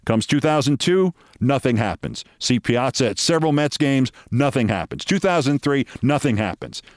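A middle-aged man hosts a show and tells a long anecdote in a conversational, expressive voice at normal speed, raising his pitch to act out the people he quotes. The studio recording is clean with no echo.

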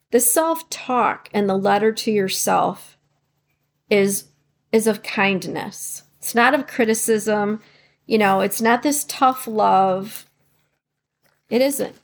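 A woman hosts a self-help podcast in an encouraging, coaching tone, often asking her listeners rhetorical questions. Her voice has a gravelly fry at mid pitch, and her delivery is unscripted and full of small restarts. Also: slow. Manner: fillers and restarts, emotional at times. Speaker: podcast host. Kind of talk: supportive self-help talk.

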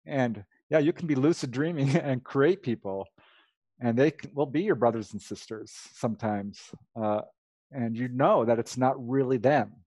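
A man telling personal stories as a guest, animated, laughing often and acting out dialogue. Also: medium pitch, moderate pace, dry recording. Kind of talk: casual storytelling.

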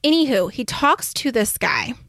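A young woman career coach telling a story in a chatty, excitable way, full of "like". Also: a little high, normal speed, dry recording, clean studio sound. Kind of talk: casual storytelling monologue.

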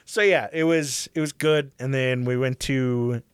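A man's voice: mid-range voice, unhurried, smooth, dry recording, clean studio sound. Profane young man telling a rant. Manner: profane, animated ranting with many fillers. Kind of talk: casual storytelling chat.

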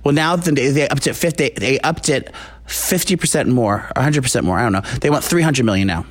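A man's voice: mid-range voice, a little fast. Rambling man chatting celebrity gossip. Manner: rambling, many restarts and fillers. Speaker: podcast co-host. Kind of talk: casual celebrity gossip chat.

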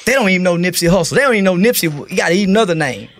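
A man's voice: high voice, expressive, very fast. A middle-aged man from Texas, talking bluntly and profanely as a podcast guest. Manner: blunt, profane, preacher-like storytelling. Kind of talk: casual interview talk.

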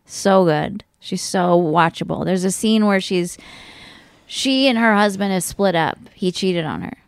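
A woman singer-songwriter who is a guest on a podcast, describing a favorite film in a relaxed, enthusiastic way. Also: medium pitch, unhurried, vocal fry, clear, resonant tone, no echo, studio quality. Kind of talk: casual studio chat.

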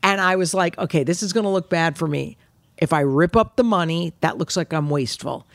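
A middle-aged woman comedian chatting casually, telling stories in a brash, animated way and swearing freely. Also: on the low side, a little fast, no room sound. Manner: brash, animated storytelling with profanity. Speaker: comedian guest. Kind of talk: casual chat.

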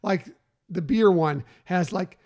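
Male podcast host with a high voice, casual chat, reading lists with easy fillers. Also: slow, darkish tone. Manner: reads out long menu lists with fillers and restarts.

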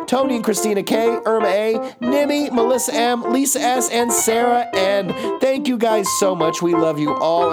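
A woman reading sponsor ads and patron thanks for a podcast intro in an upbeat, enthusiastic way. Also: mid-range voice. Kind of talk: scripted podcast intro and ad read. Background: guitar music.

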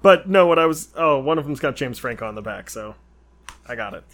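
A man in his thirties co-hosting a podcast, chatting casually with quick teasing banter. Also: medium pitch, animated, fairly bright tone. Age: 30s. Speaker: podcast co-host. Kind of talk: casual chat.

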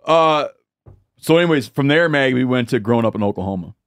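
A man's voice: mid-range voice, animated, a little fast, dry recording. A man hosting a podcast in casual chat, rambling and often restarting his sentences. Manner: rambling, self-interrupting storyteller. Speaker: podcast host. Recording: dry close studio mic.

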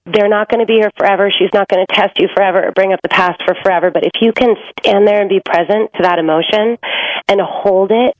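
A woman's voice: medium pitch, fairly even intonation, fast talker. A woman relationship expert coaching a couple on a podcast in an earnest, reassuring way. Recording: slightly dull lo-fi sound.

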